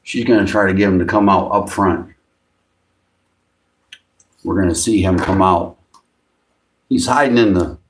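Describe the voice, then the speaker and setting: Excitable slow-talking man with a low voice. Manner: excitable, coos at his pet fish in sudden high bursts; chuckles often between remarks. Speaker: fishing channel host. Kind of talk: casual livestream chat.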